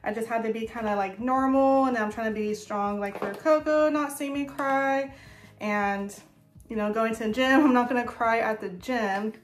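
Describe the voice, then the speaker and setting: A woman's voice: fairly high pitch, moderate pace, soft background music. A young woman talking casually to camera in a vlog, chatty and full of fillers. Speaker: vlogger. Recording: echoey room.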